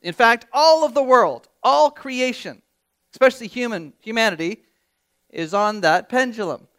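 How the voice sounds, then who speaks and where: A man's voice: extremely high pitch, lively intonation, moderate pace, fairly bright tone, clear, resonant tone. A man preaching a sermon as pastor, talking conversationally and asking the congregation direct questions. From Canada.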